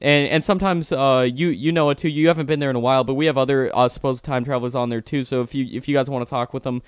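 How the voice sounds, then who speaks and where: A man's voice: medium pitch, fairly even intonation, fast talker, clear, resonant tone, dry recording. A young man hosting a live-stream interview, reading out viewer questions and thanking donors effusively. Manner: upbeat, effusive thanks, repeats himself.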